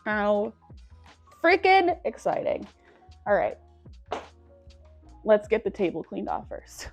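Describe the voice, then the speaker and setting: A woman's voice: mid-range voice, big pitch swings, slow. A young woman talks casually into her camera while sitting on her living room floor. She rambles animatedly, laughs often and leans on filler words. Faint music sits under her voice. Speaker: vlogger.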